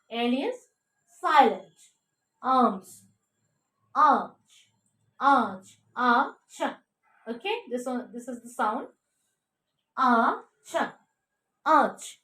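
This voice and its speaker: A woman teaching pronunciation, drilling words slowly, spelling out letters and checking with "okay?" between them. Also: fairly high pitch, bright, forceful tone, distant mic. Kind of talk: slow drilled pronunciation lesson. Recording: echoey room, a bit off mic.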